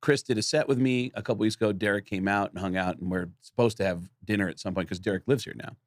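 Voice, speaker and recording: A man's voice: lowish voice, fast talker, no echo, clean studio sound. Podcast host man in casual chat.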